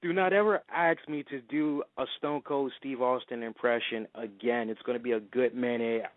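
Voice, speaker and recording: A man's voice: medium pitch, moderate pace, no room sound. Guy hosting a wrestling show, hyped up, phone-line audio, dry. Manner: excitable, does loud put-on voices. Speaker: podcast host. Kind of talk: casual radio-style chat. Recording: tinny phone-line sound.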